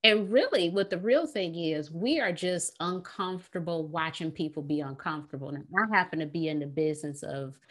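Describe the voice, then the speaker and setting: A woman therapist with an American accent, talking on a podcast, lively and laughing often as she acts out quoted phrases. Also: sits low, fairly quick, hardly any pauses. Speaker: therapist guest. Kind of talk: podcast conversation.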